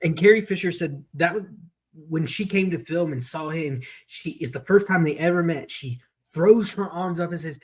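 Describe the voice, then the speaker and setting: Husky-voiced man telling rambling stories. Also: on the high side, normal speed, a little mellow. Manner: rambling anecdotal storytelling. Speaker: podcast host. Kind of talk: casual chat. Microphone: video call.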